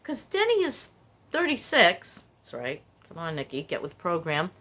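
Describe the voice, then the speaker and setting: A woman's voice: on the low side, wildly swooping pitch, moderate pace, a bit bright. An older woman hosting a casual podcast, rambling and candid as she tells stories and confides her feelings. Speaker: podcast host. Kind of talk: casual personal chat.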